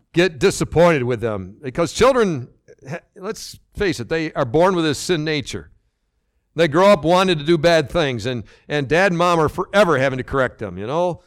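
A man's voice: a little high, no room sound, clean studio sound. An older man preaching a sermon as pastor, earnest and repeating phrases for emphasis.

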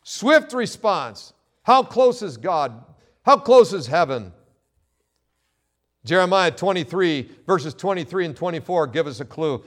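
Emphatic preacher man, fairly high voice. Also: very animated, unhurried. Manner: emphatic, swings between loud quotes and quiet asides. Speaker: pastor. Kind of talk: sermon with scripture reading.

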